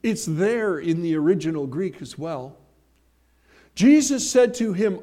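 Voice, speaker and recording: High-voiced preacher guy, mellow tone, folksy stories, punches the big lines slow and loud. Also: expressive. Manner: emphatic, slows and swells on key phrases; folksy asides and homely examples. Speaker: pastor. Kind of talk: sermon.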